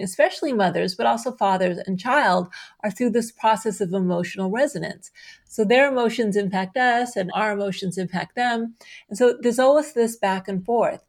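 A woman's voice: on the high side, darkish tone. A middle-aged woman answering interview questions in an earnest, explanatory way, sometimes laughing. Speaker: guest, self-compassion researcher. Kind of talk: conversational interview.

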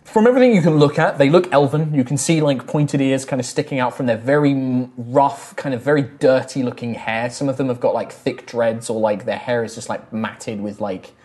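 A man narrating as game master in a relaxed, rambling way with many fillers. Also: mid-range voice, fairly quick, few pauses. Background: faint music.

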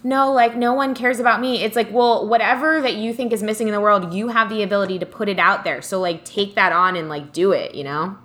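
A woman co-hosting a casual podcast, gushing over books in a loose, rambling chat. Her voice is bright and forward, sitting in a middle pitch. She fills her talk with "like" and restarts. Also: fast talker, few pauses. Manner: chatty, enthusiastic, many "like"s. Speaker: podcast co-host.

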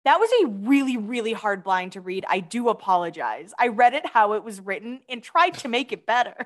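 A woman's voice: mid-range voice, expressive, brisk. A woman co-hosting a podcast, reading gossip items aloud and chatting with giggly asides. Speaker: podcast co-host.

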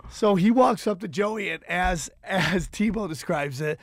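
A man's voice: sits high, a little slow, a bit bright, dry recording, studio quality. A man hosting a podcast in casual chat, loose and profane, with a wry, offhand way of telling things. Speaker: podcast host.

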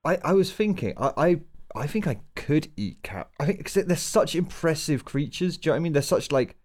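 A man's voice: fairly high pitch, animated, fairly quick, a little mellow. A young man hosting a podcast, joking casually and moving the talk along. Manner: upbeat, joking, steers the show. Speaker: podcast host. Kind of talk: casual chat.

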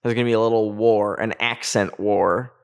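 A man's voice: fairly low pitch, steady tone, normal speed, vocal fry, clear, resonant tone. A young man from Canada hosting a solo podcast, chatting casually in a rambling, self-mocking way that keeps getting sidetracked. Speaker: podcast host.

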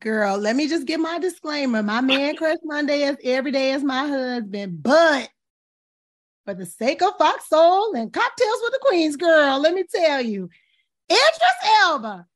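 A woman's voice: high-pitched, sing-song, a little slow. A woman co-hosting a talk show in casual, emphatic chat with her fellow hosts. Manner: chatty, emphatic, calls others "girl".

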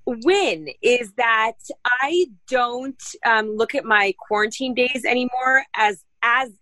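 A woman's voice: a little high, slow pace, bright, forceful tone, dry recording, poor audio. A woman co-hosting a casual podcast chat, upbeat and gushing. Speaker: podcast co-host. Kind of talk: casual chat over video call.

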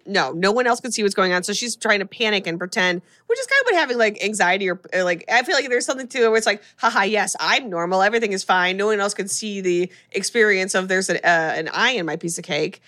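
A woman co-hosting a casual podcast, retelling a film's plot with lively storytelling and quick voiced-out lines for its characters. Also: mid-range voice. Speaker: podcast co-host recapping a film. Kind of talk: casual chat.

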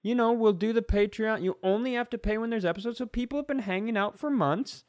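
A man's voice: high-pitched, fast talker, a little mellow, no room sound, studio quality. A man co-hosting a podcast, riffing with playful bravado and mock-confident jokes. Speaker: podcast co-host. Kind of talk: casual comedic chat.

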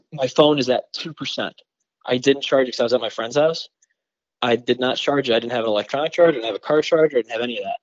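An excited, rambling man from Michigan tells a long story as a podcast guest, with plenty of "like" and "you know". His voice sits at an everyday pitch. The audio is dull and lo-fi and very dry, with no room sound. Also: no echo. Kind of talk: casual storytelling in a podcast interview.

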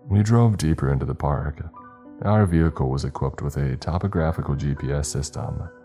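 Man, extremely low voice, mellow dark tone, horror narration, faint background music. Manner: steady, measured first-person storytelling. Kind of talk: scripted horror story narration.

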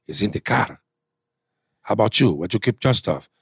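A man's voice: lowish voice, animated, normal speed, breathy edge, no echo, clean studio sound. A man co-hosting a casual podcast chat, joking loosely and swearing freely. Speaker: podcast co-host.

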